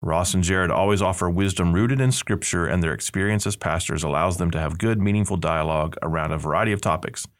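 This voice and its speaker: A lower-voiced man hosts a podcast in a relaxed, joking way. He reads listener reviews aloud with mock emphasis and laughs often along the way. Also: fast, few pauses. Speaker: podcast host, seminary professor. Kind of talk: casual podcast banter, reading listener reviews.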